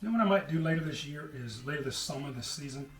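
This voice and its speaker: A man's voice: fairly high pitch, lively intonation, fast talker, a bit bright, far from the mic, faint music behind. Folksy man cooking in a roomy kitchen. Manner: chatty, folksy, calls people brother. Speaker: cooking show host. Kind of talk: casual cooking demonstration. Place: home kitchen.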